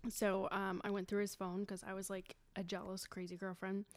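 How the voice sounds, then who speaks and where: A woman from Boston with a Boston accent, a podcast guest telling gossipy stories in an animated way. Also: mid-range voice, normal speed. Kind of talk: casual podcast chat.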